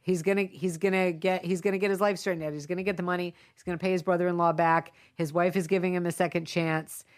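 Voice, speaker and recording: A woman in casual conversation, retelling movie scenes with quick quoted asides. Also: fairly low pitch, level tone. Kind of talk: casual film discussion.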